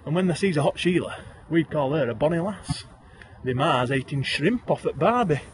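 Animated Yorkshire man reciting verse. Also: on the high side, normal speed, slight background noise. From Yorkshire, England. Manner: animated, broad dialect, addresses the listener as thee. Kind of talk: reciting comic rhyming verse.

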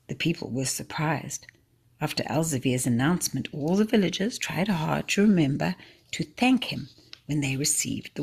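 A woman reading a story aloud at a church service in a measured, expressive way. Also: low-pitched, creaky, slightly rough.

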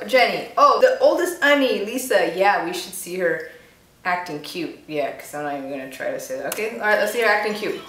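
A woman's voice: medium pitch, lively intonation, fairly quick, a bit bright. Chatty woman reacting from a roomy distance. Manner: chatty, playful, talks back at the screen. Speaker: reaction video host. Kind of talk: casual reaction commentary. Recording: roomy echo, distant from mic, faint music.

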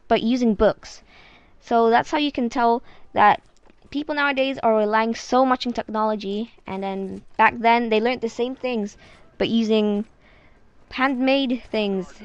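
A woman's voice: on the high side, clear, resonant tone, no room sound. A woman talking casually in a vlog, chatty and full of "like" fillers. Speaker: vlogger.

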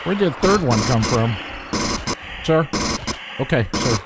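A man's voice: mid-range voice, very animated, a little slow, heavy background noise. A man hosting a gaming channel, chatting casually through his gameplay and politely addressing the enemies he fights.

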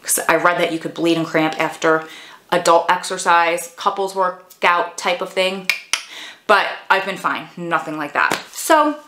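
A woman's voice: fairly low pitch, measured pace, bright, forceful tone. A woman in her forties, short of breath, chatting casually to camera as a vlogger, rambling with lots of "like". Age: 40s. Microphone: phone camera. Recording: echoey room.

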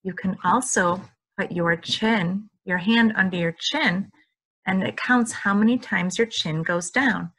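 A woman's voice: mid-range voice, a bit bright, husky. A woman teaching young children from her couch at home, drawing out words and cheering them on in a sing-song way. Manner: slow, drawn-out words with sing-song prompts. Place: living room at home.

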